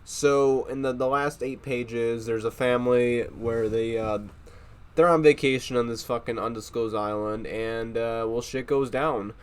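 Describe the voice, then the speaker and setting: A man's voice: mid-range voice, fairly even intonation, unhurried, clean tone. A man reading a novel aloud, rambling and swearing freely as he sums up the plot and jokes at himself, still getting over a cold. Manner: rambling and profane, laughs at himself. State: recovering from a cold. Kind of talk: casual reading aloud with commentary.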